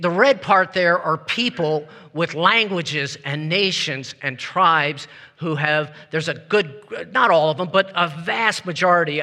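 A man preaching a sermon as pastor, talking in a lively, conversational way and leading his congregation in call-and-response. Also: fairly high pitch. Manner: lively, conversational, laughs between points. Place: church sanctuary with congregation. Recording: long hall reverb.

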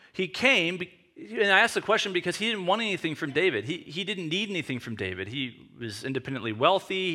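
A pastor in his forties preaches with a sharp, somewhat high voice. He reads scripture and tells self-deprecating stories in a conversational way.

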